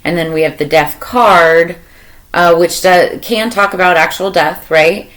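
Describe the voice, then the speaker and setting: A woman with a low voice talks through a tarot reading. She meanders and thinks out loud, filling her pauses with ums and you-knows, in an easy, casual way. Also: low-quality recording. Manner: meandering, thinks aloud with many fillers. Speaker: tarot reader.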